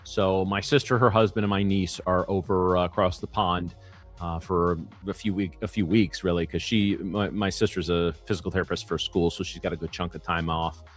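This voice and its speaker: Casual male co-host, thirties, low voice, loose rambling delivery, faint music underneath. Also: fairly even intonation, normal speed. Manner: rambling, many fillers and restarts. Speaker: co-host of live trading stream. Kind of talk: casual chat.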